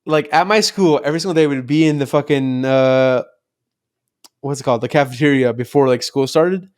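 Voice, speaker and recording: A man's voice: medium pitch, fairly quick, clean tone, dry recording, studio quality. A young man co-hosting a podcast, telling rambling stories full of "like" and swearing freely. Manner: rambling storyteller, heavy filler "like", swears freely. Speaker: podcast co-host. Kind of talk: casual chat.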